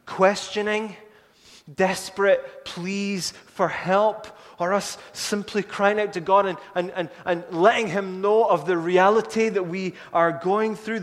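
A man preaching a sermon, earnest, building to urgent pleading and then falling soft and low. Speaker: pastor. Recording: long hall reverb.

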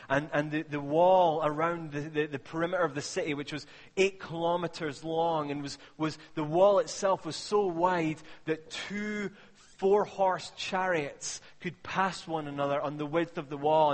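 A man preaching a sermon in a relaxed, conversational way, telling stories and asking the listeners pointed questions. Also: a little high, in a large hall. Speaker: pastor.

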